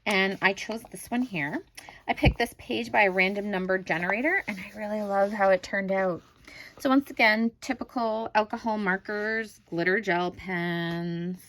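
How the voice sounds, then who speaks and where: A woman in her thirties talks through her coloring pages at home in an easy, rambling way. She is quick to critique her own work and leans on fillers between thoughts. Her pitch sits in a middling range. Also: fairly bright tone, low-quality recording. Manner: chatty, self-critical, many fillers. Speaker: crafting channel host. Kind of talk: casual show-and-tell of coloring pages.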